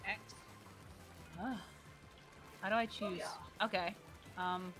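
A woman streaming a video game and chatting with a friend, laughing often and talking excitably. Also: medium pitch, slow pace, faint music behind. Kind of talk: casual gaming chat.

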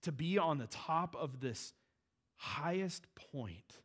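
A pastor with a somewhat high voice preaches slowly, in a conversational and animated way, tossing casual asides to the congregation.

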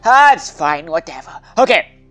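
Slow, playful gaming commentator man. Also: on the high side, big pitch swings, soft background music. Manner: playful, chatty, bursts into shouts and sing-song. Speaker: gaming video host. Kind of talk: gameplay commentary.

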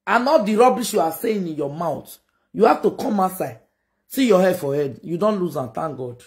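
A woman with a Nigerian Pidgin accent hosting a gossip reaction video, scolding and mocking with sudden shouts. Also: lowish voice, lively intonation, moderate pace. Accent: Nigerian Pidgin English. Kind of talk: animated reaction commentary.

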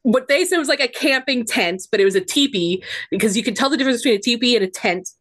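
A woman's voice: a little high, expressive, quick pace, a bit bright, dry recording. A woman co-hosting a podcast, explaining at length in a rambling, thoughtful casual chat. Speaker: podcast co-host.

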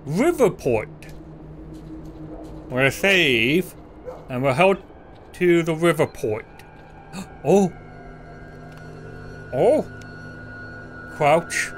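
Excitable high-voiced male gamer. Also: extremely slow, pauses often, faint music behind. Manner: excitable, gasps and yelps, talks to game enemies. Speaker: let's play gamer. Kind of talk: casual gameplay commentary.

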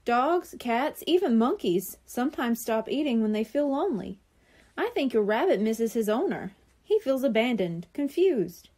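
A woman doing a kind storybook vet with a soft, mellow voice, calm and reassuring. He talks with a lively lilt. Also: a little high, normal speed. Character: kind gentle male veterinarian.

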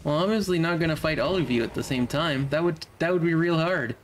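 A young man streams a video game, tossing out casual comments and teasing the enemies on screen. His voice is fairly high and brisk, with a little hiss or hum in the audio. He's a let's play streamer.

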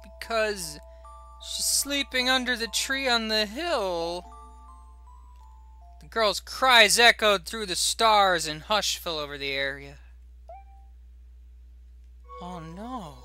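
Lively, bright-voiced man streaming a game. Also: sits high, takes it slowly, clear, resonant tone, faint music behind. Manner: playful, reads story text aloud with jokey asides.

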